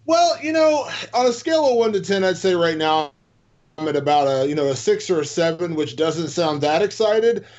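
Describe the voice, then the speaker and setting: Chatty higher-voiced man, muffled. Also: expressive, a little mellow. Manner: chatty, halting, many fillers. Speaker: guest, MMA journalist. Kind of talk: casual interview. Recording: dull lo-fi audio.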